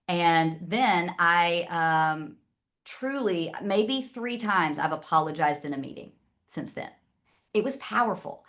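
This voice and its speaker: A woman's voice: on the low side, lively intonation, measured pace, a bit bright. A woman from the American South with a Southern accent, presenting to an audience in a chatty, direct way. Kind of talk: casual talk to an audience.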